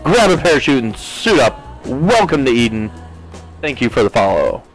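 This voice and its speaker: A man's voice: mid-range voice, sing-song, moderate pace, soft background music, poor audio. A man from the United States in his thirties, streaming a game live and chatting with his viewers, reading their messages aloud with playful jokes.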